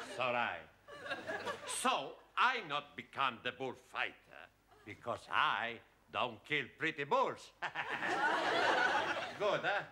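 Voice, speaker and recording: A man voicing a boastful male student from Spain with a Spanish accent and broken English, in a sitcom dub. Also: medium pitch. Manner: broken English, laughs at own jokes. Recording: loud background noise.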